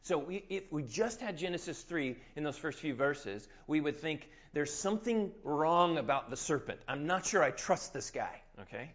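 A man preaching a sermon, retelling scripture as a lively story and acting out the scenes. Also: on the high side, moderate pace, few pauses, lo-fi sound. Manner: animated storyteller, acts out scenes.

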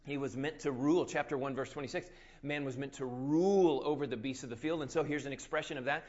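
A male preacher tells a scripture story with animation, acting out scenes and pulling his listeners in. His voice sits at a middle pitch and comes through a slightly muffled, dull recording. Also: fairly even intonation, quick pace, a little mellow. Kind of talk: sermon.

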